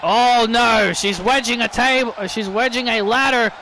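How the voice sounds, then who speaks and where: A man doing excitable play-by-play wrestling commentary over a video game, yelping at big moves and joking sarcastically about glitches. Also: extremely high pitch, unhurried, slight background noise.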